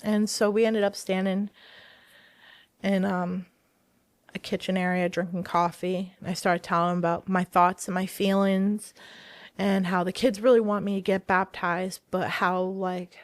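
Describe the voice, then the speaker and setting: Woman, earnest, hesitant, halting restarts, mid-pitched voice, dry close sound. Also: level tone, dry recording. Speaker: guest. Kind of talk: personal testimony in a podcast interview.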